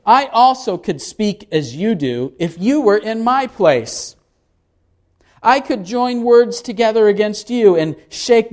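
Male preacher voicing a suffering man, pleading and anguished, higher and slow. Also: darkish tone.

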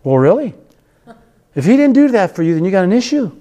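Impassioned high-voiced male preacher. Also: very animated, warm tone. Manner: impassioned, sings a hymn refrain; drawn-out emphatic phrases. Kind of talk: sermon.

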